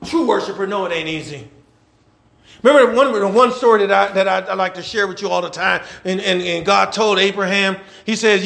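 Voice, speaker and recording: A man, a pastor preaching a sermon in a church, repeating phrases and building to shouts. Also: high-pitched, fairly quick, gravelly. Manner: repetitive call-and-response preaching, swelling to shouts.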